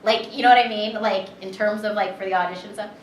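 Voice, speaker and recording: A woman's voice: medium pitch, fairly even intonation, fast, slight background noise. A woman voice actress telling stories at a convention interview, talking in a chatty, filler-heavy way and animatedly retelling what happened. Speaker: voice actress and director. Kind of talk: convention panel interview, storytelling. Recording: echoey room, distant mic, background chatter.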